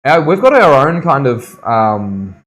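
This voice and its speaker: A man's voice: mid-range voice, big pitch swings, slow, fairly bright tone. A man with a New Zealand accent hosting a tattoo livestream in a studio, joking, laughing often and reading the chat aloud. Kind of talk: casual livestream banter.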